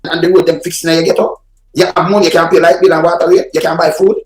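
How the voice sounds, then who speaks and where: A man with a Jamaican Patois accent rants at top speed, his voice pitched high as he swears and hurls insults. He is hosting a reaction show from an echoey room, with faint music behind him. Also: little pitch movement, fast talker. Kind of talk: heated commentary on played clips.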